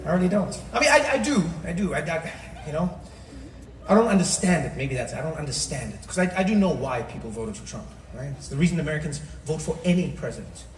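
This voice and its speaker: A man's voice: fairly high pitch, sing-song, fast talker, a little hiss or hum. A man performing live stand-up comedy on an arena stage, talking conversationally and building repetitive riffs. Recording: distant roomy arena audio with roaring crowd.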